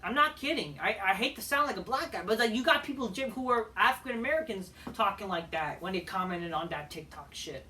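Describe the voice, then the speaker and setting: A man's voice: sits high, lively intonation, fairly quick, hardly any pauses, pushed and bright, far from the mic, slight background noise. A man ranting through a profane, exasperated video review of a wrestling show.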